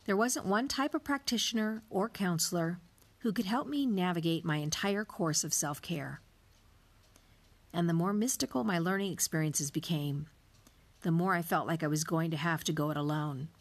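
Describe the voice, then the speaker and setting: Reflective woman narrating, low-pitched. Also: normal speed. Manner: reflective, slips into soft whispers. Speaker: podcast host. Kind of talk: scripted personal storytelling.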